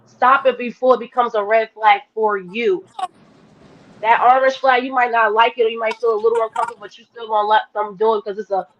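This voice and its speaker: A woman's voice: on the high side, fairly even intonation, brisk. A woman on a podcast panel, talking bluntly and emphatically in casual discussion. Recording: dull lo-fi podcast audio.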